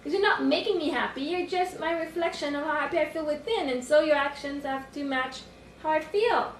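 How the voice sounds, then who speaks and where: A woman life coach on a livestream from home, thinking aloud with sudden excited outbursts and cooing at her puppy. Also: sits high, brisk, reverberant, far from the mic, slight background noise. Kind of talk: livestream self-reflection. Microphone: phone.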